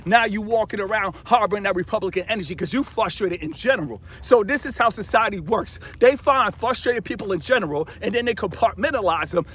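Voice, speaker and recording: High-voiced man preaching motivation outdoors. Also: fast, few pauses, a bit bright, slight background noise. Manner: preachy, repeats himself, rhetorical questions. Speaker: motivational vlogger. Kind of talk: casual motivational monologue. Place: outdoors in a remote desert area.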